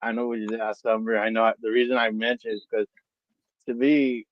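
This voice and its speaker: A man chatting on a stream in a halting, blunt way, often repeating words. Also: lowish voice, little pitch movement, no echo. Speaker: guest on a watch-party stream. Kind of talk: casual livestream chat. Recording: dull lo-fi mic.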